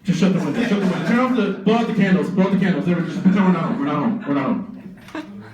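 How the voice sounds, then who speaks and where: A man voicing a panicky founding father who rushes out hushed orders to hide indoors. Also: mid-range voice, lively intonation, pitched below the performer's own voice, natural voice. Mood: panicked. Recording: echoey room, distant mic.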